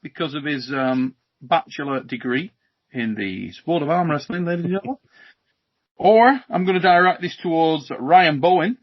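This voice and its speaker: A British man hosting a casual podcast, jokey and lively, reading out viewer questions over a video call. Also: a little high, moderate pace. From Britain. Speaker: host. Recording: muffled video-call audio.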